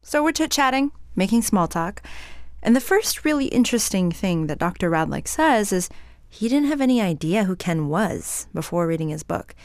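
A woman's voice: mid-range voice, sing-song, moderate pace, dry recording, studio quality. Woman narrating a radio story.

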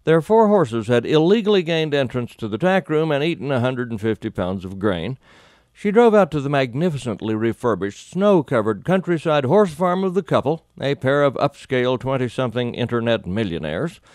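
A man telling a humorous story with a wry, deadpan flair and comic exaggeration. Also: mid-range voice, normal speed, no room sound, clean studio sound.

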